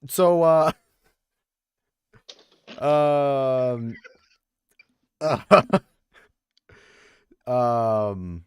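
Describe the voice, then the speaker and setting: A man's voice: mid-range voice, drawn-out words, pauses often, clear, resonant tone, no room sound. A young man casually commentating a game tournament on a stream, chatting with viewers. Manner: chatty, lively, talks to the chat. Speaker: tournament caster.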